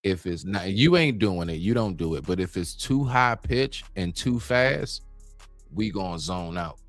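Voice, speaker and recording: A man hosting a casual live-stream chat, expressive and emphatic as he makes his points. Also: sits low, measured pace, no echo, faint music behind.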